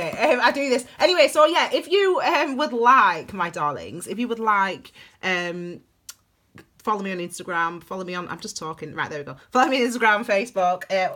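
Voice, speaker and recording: A woman with a medium-pitched, sharp voice gives a chatty, gushing tarot reading to camera, calling her viewers her darlings.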